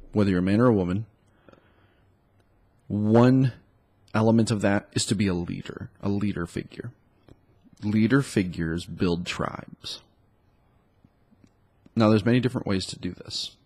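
A man's voice: fairly low pitch, a little mellow, slightly rough. A man who has a cold, talking as a dating coach in a loose, rambling solo monologue full of likes and ums. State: stuffed up with a cold.

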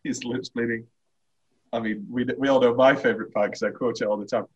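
A young man hosting a casual film chat, rambling and halting, laughing often. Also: medium pitch, level tone, breathy edge, dull audio. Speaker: podcast host.

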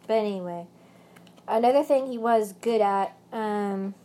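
A woman's voice: medium pitch, measured pace, dark tone. A young woman with a British accent vlogging about her ex, rambling and swearing heavily, with angry bursts. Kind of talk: emotional personal rant.

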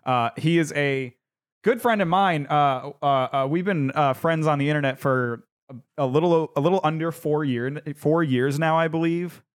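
A man's voice: on the high side, moderate pace, smooth. A man hosting a casual podcast, teasing his guest, laughing often and leaning on fillers. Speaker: podcast host.

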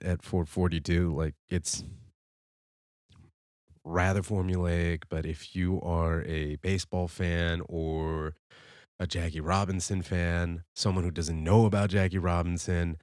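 A man's voice: sits low, dry recording, clean studio sound. A man hosting a podcast, reviewing a film in a rambling, conversational way that gets fired up about the sport. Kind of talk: casual spoken film review.

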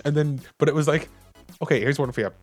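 A man's voice: on the high side, fast talker, faint music behind. A young Irish man chatting casually, wry, reading out emails and acting out teachers. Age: young adult. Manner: wry, reads out emails in mock voices. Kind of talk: casual chat.

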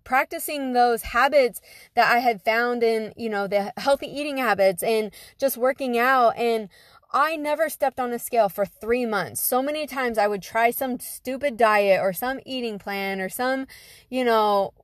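A woman's voice: a little high, a little slow, no room sound, clean studio sound. A young woman telling a personal story in a casual, conversational way, full of fillers like "you know". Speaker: guest telling her story.

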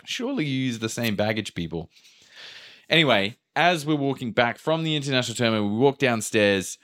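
A podcast host recounts a chaotic trip in casual storytelling chat, acting out quotes and swearing freely. His lowish voice is fairly bright in tone, and he talks fast.

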